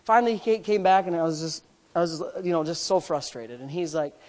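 A man preaching a sermon as pastor. He swings from loud, climbing preaching peaks to quiet, self-mocking storytelling with casual asides. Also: fairly high pitch, lively intonation, brisk. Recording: long reverb of a large hall.

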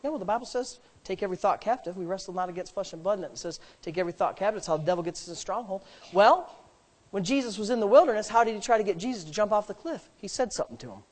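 A man's voice: sits high, lively intonation, fast talker. Impassioned preacher man. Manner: impassioned, rising to loud emphatic preaching. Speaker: pastor. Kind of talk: sermon.

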